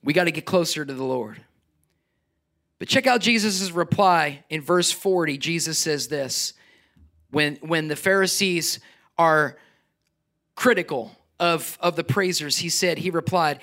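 A man preaching to his congregation in a lively, animated style. His voice sits high and bright. He surges into loud exhortation, then drops low for personal, confiding asides. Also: measured pace. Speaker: pastor. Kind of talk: sermon.

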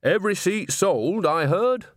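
A man's voice: high-pitched, animated, a little slow, no echo, clean studio sound, voice pushed up. A man voicing a cheerful, sly old woman witch in an audiobook, chatty and folksy. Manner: chatty, folksy, turns quietly menacing.

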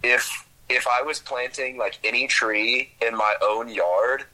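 A man's voice: medium pitch, a little slow, sharp tone, rough recording. A young man chatting casually as a podcast guest, rambling and hesitant, with a laid-back way of talking. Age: young adult. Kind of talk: casual chat.

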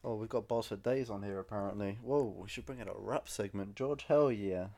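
A man's voice: lowish voice, a little fast, dark tone, no echo. A young man hosting a casual podcast, playful and teasing, swearing freely. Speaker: podcast host. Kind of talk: casual joking podcast chat.

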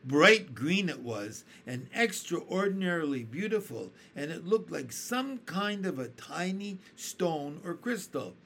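A man's voice: fairly high pitch, big pitch swings, unhurried, gravelly, hardly any pauses, fairly bright tone, slight background noise, voice pushed up, heavily acted. A man reading a boastful cheeky giant centipede. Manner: boastful, teasing. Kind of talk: children's storybook reading.

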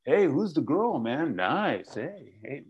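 A man voicing a brash, overfamiliar man in recovery who jokes loudly and pushes in. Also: fairly high pitch, sing-song, slow pace, breathy edge, highs cut off, voice pushed up, full character voice. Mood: boisterous. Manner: loud, pushy, joking.

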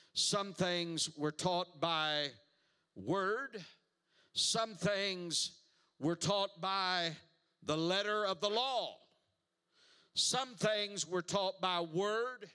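A man's voice: high-pitched, pushed and bright, clear, resonant tone. A man preaching a sermon as pastor, emphatic, repeating words and calling the congregation to answer back.

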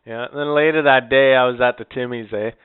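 A man's voice: medium pitch, fairly even intonation, brisk, clear, resonant tone. A man telling a rambling, profane story on a casual podcast, full of "eh" and "like". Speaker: podcast co-host. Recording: narrow, phone-like sound.

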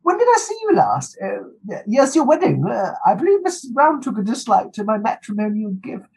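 A man voicing a posh, eccentric and lecherous older gentleman, fussing and calling people darling. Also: high voice, wildly swooping pitch, normal speed, creaky, slightly rough, full character voice, low-quality recording. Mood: plummy. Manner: plummy, fussing, affectionate. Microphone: video call.

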